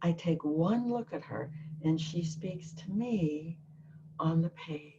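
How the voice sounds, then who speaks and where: Slow low-voiced woman reading a prayer. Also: animated, dull audio, noisy background. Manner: slow, soft and emotional, drawn-out words. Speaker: host. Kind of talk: reflective talk and prayer reading.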